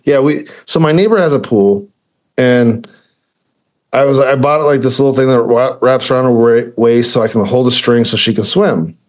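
A man's voice: mid-range voice, normal speed, a little mellow. A man co-hosting a podcast, talking in a casual, rambling way with lots of fillers and self-corrections. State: choked up with emotion. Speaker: podcast co-host. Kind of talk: casual chat.

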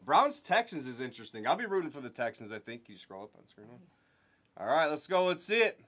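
A young man talks easily and casually as he hosts a live sports card break, chatting and joking with the people watching. His voice sits a little on the high side. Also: big pitch swings, fast, a bit bright. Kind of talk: casual live stream chat.

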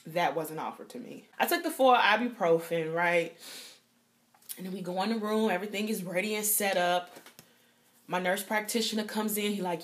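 Animated woman telling a story. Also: medium pitch, normal speed. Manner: animated, acts out quotes with whispers and voices. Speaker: vlogger. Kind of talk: storytelling vlog.

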